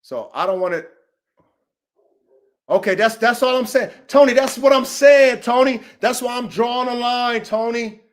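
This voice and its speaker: High-voiced man on a heated rant. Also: normal speed. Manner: profane, confrontational, repetitive, calls out names. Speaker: podcast host.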